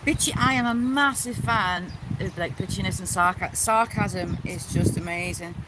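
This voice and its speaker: A woman's voice: on the low side, normal speed, background noise. A woman chatting casually on a live stream, reading viewer comments and talking bluntly to her dogs at home.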